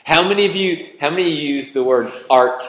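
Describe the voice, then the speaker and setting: Speaking fairly quickly, this pastor has a fairly high, slightly bright voice that echoes through the church hall. He preaches to the congregation conversationally, teasing them with questions.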